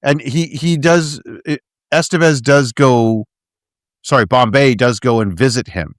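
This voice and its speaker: A man's voice: medium pitch, measured pace, no room sound, studio quality. A man from Canada co-hosting a casual movie podcast, sarcastic and joking, with lots of fillers and restarts. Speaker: podcast co-host.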